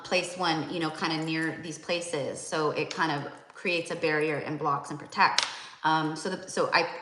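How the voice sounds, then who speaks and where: Low-voiced woman, rambling spiritual talk. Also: bright, forceful tone, roomy sound. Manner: rambling, many fillers and restarts. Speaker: psychic medium tarot reader. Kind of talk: casual spiritual talk to viewers.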